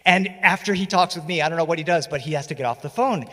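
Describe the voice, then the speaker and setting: A man performing stories live on a festival stage, playful and animated, speaking into a stage microphone. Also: on the high side, fast, long reverb tail. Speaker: storyteller. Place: festival stage before an audience.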